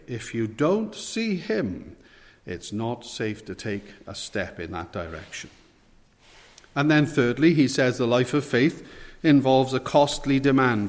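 A man of middle pitch delivers an expository sermon, earnest and measured, now and then putting questions to his listeners. His voice carries a long reverb, as from a church hall. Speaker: preacher.

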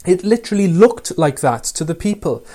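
A man preaching a sermon in a mellow, warm voice, set a little higher than most men's. He talks earnestly and often puts rhetorical questions to his listeners. Between them he reads passages of scripture aloud. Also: very animated, normal speed.

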